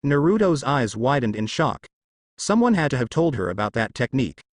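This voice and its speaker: A man reading a fan-fiction story with expressive, animated pitch. His voice is recorded close and dry, with no room sound. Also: brisk, no room sound. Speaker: narrator.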